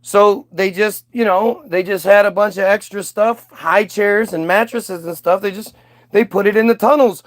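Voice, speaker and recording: Sarcastic guy ranting, kinda high voice, dry close sound, swears a lot. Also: moderate pace, dry recording. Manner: sarcastic, profane, mocking voices. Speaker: commentator reacting to clips. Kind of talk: casual ranting commentary.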